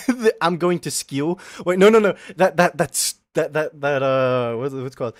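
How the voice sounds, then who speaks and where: A man's voice: fairly high pitch, lively intonation, normal speed, no echo, studio quality. A man chatting casually on a live stream, rambling playfully and talking to his chat.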